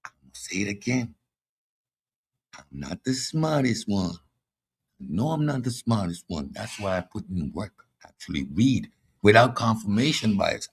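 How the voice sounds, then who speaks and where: A man's voice: deep voice, fairly bright tone, slightly rough. A man with a Caribbean accent hosting a combative philosophy monologue, boastful and mocking toward his audience. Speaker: host.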